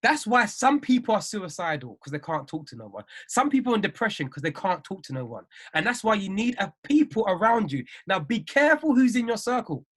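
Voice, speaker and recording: A man's voice: sits high, big pitch swings, fairly quick, few pauses, a bit bright. A man giving an emphatic, repetitive motivational live-stream talk as a trading mindset coach. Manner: emphatic, repeats phrases, preachy.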